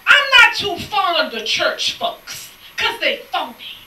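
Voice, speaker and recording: A woman preaching a sermon, telling a lively story and acting out the people in it, sometimes shouting and laughing. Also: extremely high pitch, slow. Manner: animated storytelling, acts out quoted people; shouts and laughs between lines. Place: church sanctuary. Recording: echoey church sound from a distant mic.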